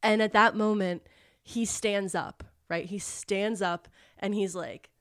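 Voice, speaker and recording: A woman co-hosting a podcast, retelling a book plot in an animated, profane way. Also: mid-range voice, slow, dry recording, clean studio sound. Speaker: podcast co-host.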